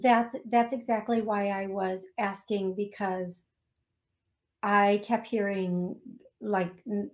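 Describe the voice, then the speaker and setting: A woman psychic medium giving a call-in reading on a radio show, speaking gently and calling the caller love. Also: mid-range voice, fairly even intonation, a little slow. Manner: soft-spoken, affectionate, calls caller love. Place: radio studio.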